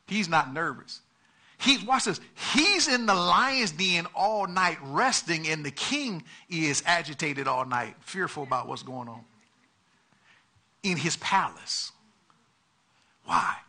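A man delivers an animated sermon in a high, strikingly bright voice. He repeats words as he goes, slips into the characters of the story, and builds to loud, emphatic peaks. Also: unhurried, slightly rough. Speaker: preacher.

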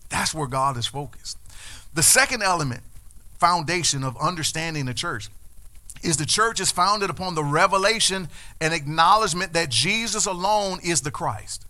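Man, pastor, preaching sermon, bright forceful tone, slightly high voice, emphatic repetitions.

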